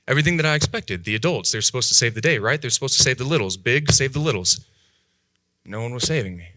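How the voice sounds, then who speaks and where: A man telling his own life story in a talk, animated, jumping high in pitch and dropping to hushed tones as he acts out voices. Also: quick pace, dry recording, studio quality. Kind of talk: dramatic personal storytelling talk.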